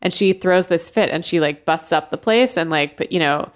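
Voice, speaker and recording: Chatty woman podcast host, low voice. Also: moderate pace, clean tone. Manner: chatty, animated, many fillers. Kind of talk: casual chat.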